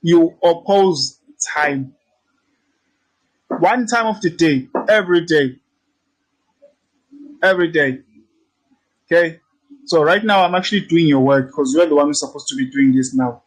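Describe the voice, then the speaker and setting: Pausing often and speaking a little slowly, a trading instructor whose voice sits on the high side leads a casual screen-share tutorial over rough-sounding audio. He's cocky and teasing, drives his points home repeatedly, and swears freely.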